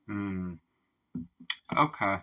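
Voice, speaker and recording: A man's voice: fairly low pitch, lively intonation, drawn-out words, pushed and bright, clean tone, dull audio. A man hosting a reaction video in casual commentary, swearing, laughing often and marveling aloud at the lyrics.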